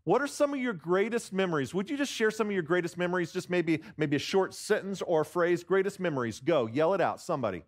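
Nearly in tears, a high-pitched guest pastor talks fast and expressively, barely pausing, in a church sanctuary. He jokes warmly and mocks himself, restarts sentences frequently, and pulls responses from the congregation in a call-and-response sermon.

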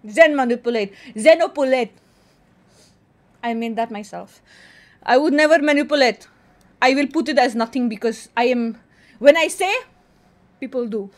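A woman's voice: high-pitched, expressive, fast talker. A woman with an Indian accent, chatting casually on a livestream, playful and boastful as she reads quiz statements aloud and answers them. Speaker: streamer.

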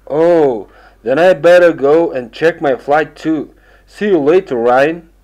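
A man's voice: fairly high pitch, slow, darkish tone, poor audio. A man voicing a friendly young man at an airport in a textbook audio dialogue, talking casually and apologetically.

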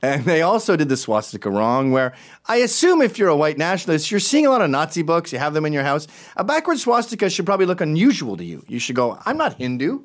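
A man's voice: fairly high pitch, quick pace. A man hosting a talk show, commenting casually and sarcastically on tweets and clips. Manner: animated, sarcastic asides. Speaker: show host.

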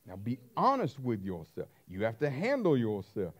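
A man preaching a sermon as pastor, emphatic, swinging between hushed asides and loud stressed words. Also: medium pitch, huge pitch swings, moderate pace.

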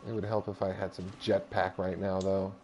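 A man's voice: deep voice, level tone, moderate pace, darkish tone, muffled recording, a little hiss or hum. A man streaming a space exploration game, chatting casually with a friend and his viewers. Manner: chatty, upbeat, talks to chat while playing. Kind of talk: casual live-stream chat.

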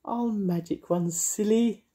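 An older man voicing a fussy, cooing fairy woman in a high falsetto for a storybook reading. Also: slow pace, warm tone. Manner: cooing, sing-song.

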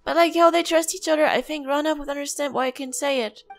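A woman's voice: high voice, fairly even intonation, quick pace, gravelly, pitched above the performer's own voice. A woman doing a small earnest village kid. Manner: earnest, hesitant, stumbles over words. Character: small polite curious village child. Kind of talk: fan voice-over of game dialogue. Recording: faint music behind.

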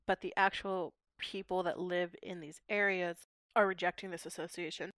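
In a clean, dry studio recording, a linguistics doctoral student from Pittsburgh talks through her research during a podcast interview. The young woman's pitch is fairly low and a bit bright, her intonation fairly even, and her pace moderate. She comes across as articulate and academic.

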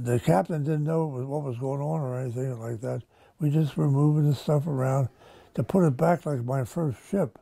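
A man's voice: fairly high pitch, gravelly, warm tone, dry recording. A man in his nineties, a war veteran giving an oral-history interview in a folksy, rambling storytelling manner. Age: 90s.

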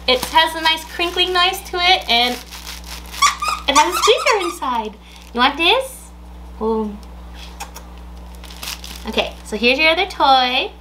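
A woman's voice: high voice, animated, slow, long pauses, noisy background. A woman casually unboxing a pet subscription box, chatting in a coaxing sing-song baby-talk voice to her dog, with gasps and laughs along the way. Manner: gasps and laughs as she chats.

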